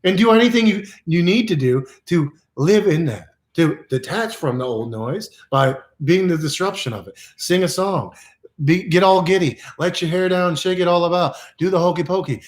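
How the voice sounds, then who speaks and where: A man giving a casual motivational monologue, rambling and playful, repeating phrases and sometimes dropping to a hush. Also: sits high, expressive, normal speed. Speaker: self-help speaker.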